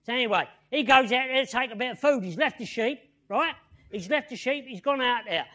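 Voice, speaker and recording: A man's voice: extremely high pitch, animated, a little fast, sharp tone. A man preaching a sermon as a story, repeating phrases and often calling out to his listeners. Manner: repeats phrases, calls "listen" and "yeah?" to the crowd.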